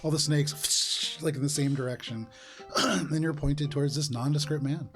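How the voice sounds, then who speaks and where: A man's voice: on the high side, moderate pace, a bit bright, faint music behind. A man narrating a tabletop game as game master, describing scenes casually with plenty of "like" and "uh". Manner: casual, descriptive, with frequent fillers.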